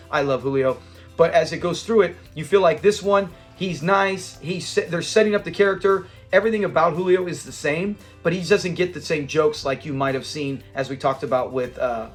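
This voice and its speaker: Rambling man recapping sitcom scenes. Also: fairly high pitch. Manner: rambling, recounts scenes with quoted lines, laughs often. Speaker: host of a classic sitcom fan channel. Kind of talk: casual commentary.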